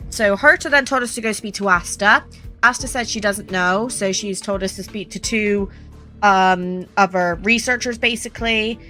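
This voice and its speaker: A young woman doing chatty let's-play commentary, apologetic and quick to swear. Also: mid-range voice, pushed and bright. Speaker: gaming youtuber. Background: game music.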